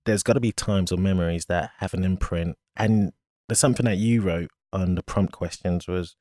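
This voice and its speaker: A man hosting a podcast, asking questions in a relaxed, casual way. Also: deep voice, normal speed. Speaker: podcast host. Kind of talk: casual interview.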